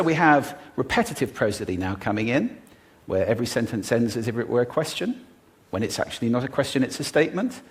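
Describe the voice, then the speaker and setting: A man giving a talk on stage to a live audience about speaking, deliberately varying his pitch, pace and volume. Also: a little hiss or hum. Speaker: public speaker on voice.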